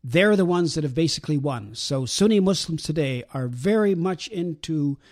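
A man calmly explaining religious ideas in a talk show discussion, pausing often with fillers. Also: on the high side. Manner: measured, explanatory, with many pauses and fillers. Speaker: guest speaker explaining Islam.

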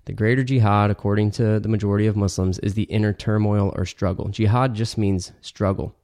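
A man co-hosting a podcast, explaining a religious topic in a measured way with small restarts. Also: on the low side, steady tone, a little mellow. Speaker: podcast co-host explaining Islam. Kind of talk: casual podcast discussion.

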